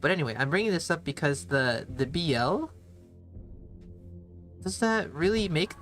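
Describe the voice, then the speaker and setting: A man streaming a game live, thinking aloud in a slow, halting way and sometimes spelling words out letter by letter. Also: on the high side, expressive, fairly bright tone, soft background music. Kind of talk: casual live gameplay commentary.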